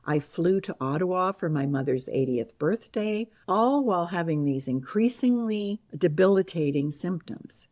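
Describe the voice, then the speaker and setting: An older woman telling her own story as an interview guest, lively and animated, laughing now and then and acting out what people said. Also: lowish voice, moderate pace, hardly any pauses. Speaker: guest, heart attack survivor and author.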